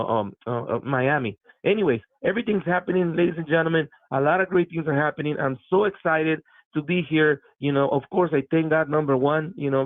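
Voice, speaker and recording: A middle-aged man giving an excited, repetitive motivational talk on a business call over the phone. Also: fairly high pitch, no echo. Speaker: business team leader on a group call. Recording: dry phone line.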